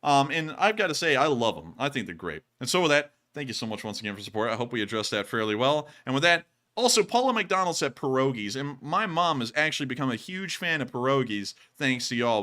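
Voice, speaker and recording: A man chats to his viewers with a bright, forceful voice. His pitch swings widely as he jokes, thanks supporters and plays up gags. The talk is loose and casual. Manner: joking, goes loud and high in bits. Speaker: livestream host. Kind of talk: casual livestream chat.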